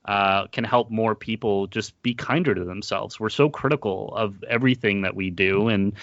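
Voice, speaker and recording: A man hosting an interview, talking earnestly in a casual, halting way with many fillers and restarts. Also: fairly low pitch, a bit bright, no echo, dull audio. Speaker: podcast host.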